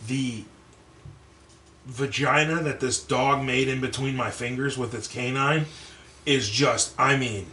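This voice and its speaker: A young adult man on a podcast, telling a story in casual talk, profane and animated, acting out what people said. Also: medium pitch, slow pace, distant mic. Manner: profane, animated, acts out quotes. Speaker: podcast co-host. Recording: roomy echo, set back from mic, faint background noise.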